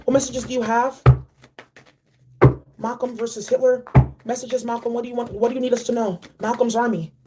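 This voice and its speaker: A woman giving a casual spiritual card reading, animated and slangy, repeating key phrases. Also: fairly high pitch, brisk, long pauses, very noisy. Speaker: tarot and oracle card reader.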